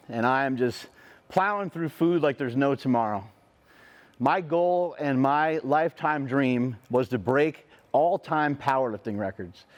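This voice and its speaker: A middle-aged man giving a motivational speech, telling a personal story in a profane, animated way. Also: medium pitch. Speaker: motivational speaker.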